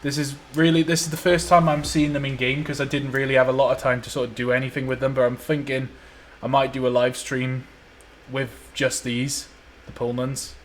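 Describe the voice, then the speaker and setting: A man's voice: mid-range voice, little pitch movement, a little fast, slight background noise. A man casually chatting and joking while live streaming a train simulator. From Wales. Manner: joking, swearing, laid-back banter.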